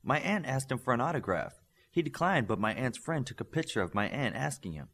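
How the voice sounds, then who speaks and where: A man's voice: medium pitch, big pitch swings, a little fast, fairly bright tone. A man voicing a proud, stern female teacher with a Scottish accent, dry and pointed in how she speaks. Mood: stern teacherly.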